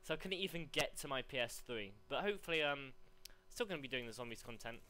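A young man commentating live on his gameplay, rambling between chat and excited yelps. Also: medium pitch, fast. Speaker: gaming commentator.

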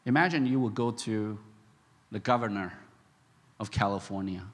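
A man preaching a sermon as pastor, halting with many fillers and restarts, then bursting into animated emphasis. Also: fairly low pitch. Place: church sanctuary. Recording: echoey church hall.

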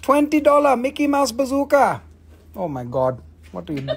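A man's voice: extremely high pitch, very animated, normal speed, vocal fry, husky. A man hosting a live gemstone sales stream, rambling, joking and swearing as he calls out buyers and prices. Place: family-owned rock shop.

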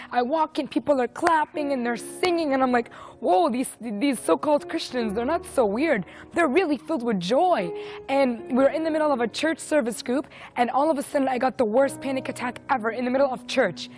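High-voiced young woman sharing her testimony. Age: 20s. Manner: earnest, emotional storytelling. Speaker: testimony speaker. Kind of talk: personal faith testimony.

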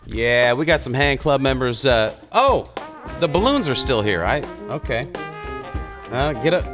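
A man hosting a casual live-stream chat, lively and friendly, doing birthday shout-outs. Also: mid-range voice, unhurried, music in the background. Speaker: host.

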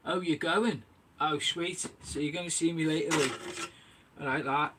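Streaming live from inside his small bait and tackle shack, a man chats casually and calls his viewers mate while answering the live chat as he works. His voice is a little high, steady, bright and pushed, at normal speed, with slight hiss or hum.

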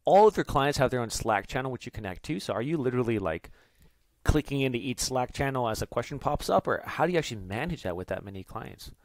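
A man's voice: medium pitch, fast talker, dry recording. Chatty male podcast guest, dry sound. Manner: chatty, animated, with fillers and restarts. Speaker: podcast guest, business founder. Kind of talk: casual podcast conversation.

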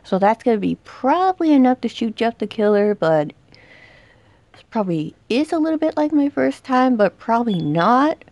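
A young woman commenting on a horror game she is playing, dramatic, shouting and taunting the villain as she goes. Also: a little high, very animated, normal speed, muffled recording. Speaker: gaming youtuber. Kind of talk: excited let's-play commentary.

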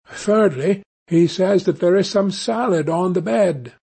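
A man voicing a sly little peasant trickster in a spoken fairy tale, with an eager, lively manner. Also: high voice, measured pace, creaky, breathy edge, pitched above the performer's own voice, heavily acted.

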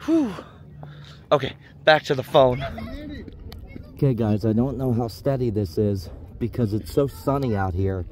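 A man's voice: mid-range voice, moderate pace, darkish tone, a little hiss or hum. A man vlogging outdoors on a sunny hilltop, chatting casually to viewers with self-deprecating asides, filmed on a handheld camera and phone. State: out of breath from climbing. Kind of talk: casual vlog narration.

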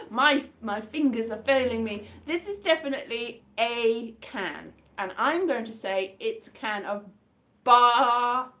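A woman's voice: fairly high pitch, slow, sharp tone. A woman from the UK chatting casually in a vlog, rambling and amused with herself as she guesses mystery items by touch. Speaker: vlogger.

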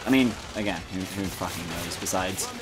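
A man's voice: low-pitched, normal speed. A man co-hosting a let's play, laid-back and joking, swearing casually. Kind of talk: casual chat over gameplay. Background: game music.

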